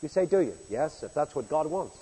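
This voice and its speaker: A man preaching a sermon in a folksy storytelling way, acting out the speakers in the story with big swings in loudness. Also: on the high side, lively intonation, a little fast, husky, big-room sound, poor audio.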